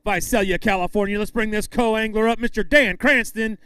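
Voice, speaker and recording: A man emceeing a live fishing tournament weigh-in, upbeat, calling out names and weights with drawn-out emphasis. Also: sits high, steady tone, sharp tone, clean tone, no room sound.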